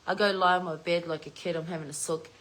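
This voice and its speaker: A middle-aged Australian woman chats to her viewers from home, spinning a family story with plenty of swearing. Her voice is bright and sharp, and she keeps the tale rolling in an easy, casual way. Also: on the low side, steady tone, fast talker. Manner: chatty, swears freely. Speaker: vlogger.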